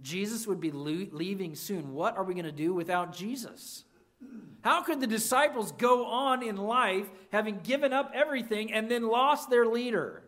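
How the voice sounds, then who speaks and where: A pastor preaching a sermon, swinging between loud emphasis and hushed, low lines, with emphatic repeated restarts. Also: animated, moderate pace.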